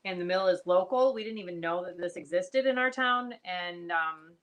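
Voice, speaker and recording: A woman's voice: on the low side, moderate pace, a bit bright. A woman hosting a casual livestream chat, laughing often and greeting viewers by name. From United States. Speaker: livestream host.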